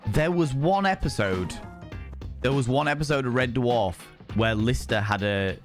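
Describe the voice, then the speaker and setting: Sweary, excitable male streamer. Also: mid-range voice, a little slow, faint music behind. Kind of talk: casual game commentary.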